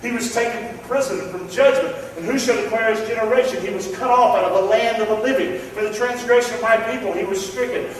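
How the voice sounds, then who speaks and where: A Southern-accented male preacher delivers an impassioned, folksy sermon, calling out to his congregation for responses. His voice sits high for a man. It rings through a big reverberant church hall, picked up from a distance with a faint hum of ambience behind it. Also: fast, hardly any pauses. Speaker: pastor. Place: church sanctuary. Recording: echoey hall, mic far off.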